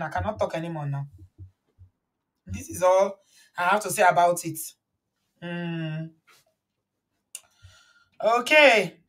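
A woman's voice: mid-range voice, a bit bright. A woman hosting a casual live-stream, talking emphatically and lecturing her viewers. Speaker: live-stream commentary host.

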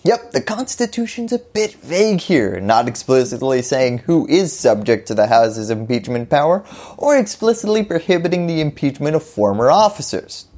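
A woman's voice: sits low, big pitch swings, moderate pace, dark tone. A woman hosting a scripted political explainer, delivering it with wry, jokey asides.

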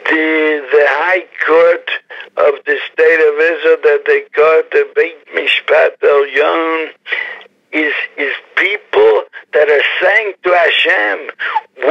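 A gravelly, husky man talks slowly in a religious discussion, his voice soaring in fiery bursts and sinking to low murmurs. He sprinkles Yiddish and Hebrew terms through his speech. The sound is muffled, like an old radio broadcast. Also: animated. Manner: swings from fiery raised outbursts to low murmurs, slow and drawn out.

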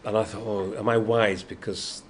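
Older Yorkshire man, lively anecdotal storyteller. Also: lowish voice, normal speed. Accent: Yorkshire English. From Yorkshire, England. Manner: lively storyteller, acts out quotes, laughs often. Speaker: guest actor. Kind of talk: anecdotal interview chat. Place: convention room. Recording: noisy convention room.

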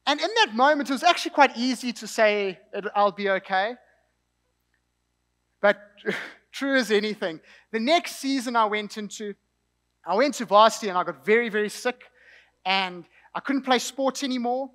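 Young South African male preacher, light high tone, relaxed anecdotal delivery. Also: moderate pace, in a large hall. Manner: conversational storytelling with asides and light laughter. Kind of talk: sermon.

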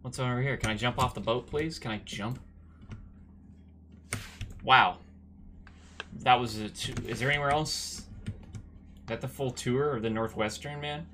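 A man streaming a game with casual, sarcastic commentary that breaks into loud bursts of excitement. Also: medium pitch, a little slow, pauses often, a little hiss or hum.

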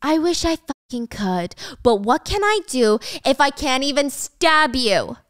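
A woman's voice: high-pitched, sing-song, a little slow, fairly bright tone, no echo, studio quality, heavily acted. A woman voicing a snarling, violent teen boy. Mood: menacing. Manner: snarling, cursing threats. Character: violent, threatening teenage boy.

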